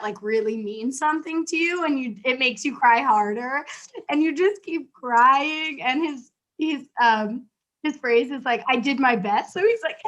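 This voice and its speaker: A woman's voice: high voice, highs cut off. A young woman hosting a casual chat, animatedly retelling a comedy routine and acting out its voices. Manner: animated, acts out comedy bits with theatrical voices. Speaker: podcast host.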